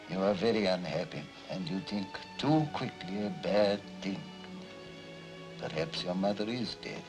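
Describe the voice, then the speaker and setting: An actor playing an elderly, kindly Jewish man who soothes a frightened boy in a soft, patient voice, in 1940s film style. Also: fairly low pitch, poor audio. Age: older. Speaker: guardian figure comforting a boy. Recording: 1940s film soundtrack with music underneath.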